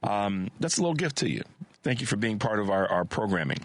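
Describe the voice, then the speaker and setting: A male radio talk host with a very low voice and a scratchy throat, heard on a dry, close studio microphone. He chats and reads sponsor spots energetically, full of restarts. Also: a little fast, no room sound. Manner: energetic, many restarts and fillers.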